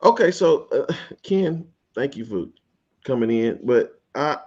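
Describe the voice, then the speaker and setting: A man's voice: mid-range voice, animated, a little slow, darkish tone, slightly rough, muffled recording. A man hosting a casual panel talk show, laid-back and chuckling as he steers the discussion. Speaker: host.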